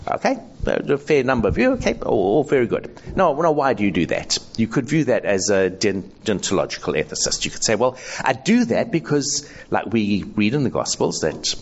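A man gives a live ethics lesson to a room full of people. His voice sits low, and the recording is dull and lo-fi. He talks conversationally, asks for a show of hands and acts out the voices he quotes. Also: big pitch swings, moderate pace, hardly any pauses. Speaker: speaker teaching ethics to an audience. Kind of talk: live talk with audience. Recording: dull lo-fi sound.

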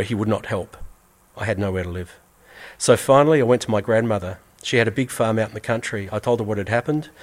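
A man reading a first-person story aloud in an earnest, measured way, repeating phrases for weight. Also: medium pitch. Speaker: reader.

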